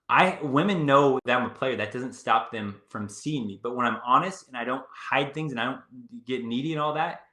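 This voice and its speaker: A young man talks through dating advice in a confident, breezy coaching chat, often repeating his key points. His voice is bright and forceful, with a medium pitch. The recording has a roomy echo.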